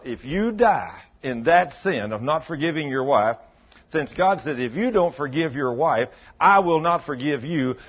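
A preacher man tells sermon stories in a folksy way, acting out both sides of each conversation. His voice sits a little high and sounds husky. The recording is dull and lo-fi. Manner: folksy, acts out dialogue, drops to low intense tones. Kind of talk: sermon storytelling.

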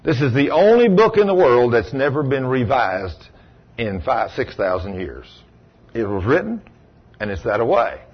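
A man's voice: medium pitch, sing-song, normal speed, husky, lo-fi sound. A man preaching a folksy sermon as pastor, asking his congregation rhetorical questions.

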